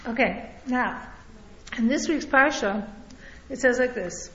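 A woman with a slightly high, fairly bright voice teaches Torah at a slow pace to a room of listeners. Her style is conversational, with frequent "right?" check-ins and chuckles between points. The recording is echoey and lo-fi with a little hiss or hum.

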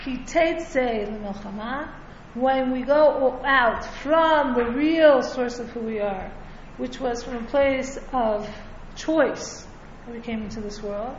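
A woman leads a Torah class conversationally, frequently checking in with "right?" and chuckling between points as listeners sit in the room. Her voice is on the high side, and the echoey lo-fi room recording has slight background noise.

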